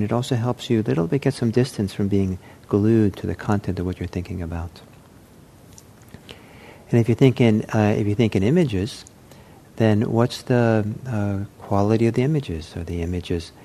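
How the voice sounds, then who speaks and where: A man with a lowish, mellow voice gives an unhurried meditation talk. He talks in a gentle, reflective way, pausing often and restarting his sentences. A faint hiss sits underneath him. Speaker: meditation teacher. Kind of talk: unscripted dharma talk.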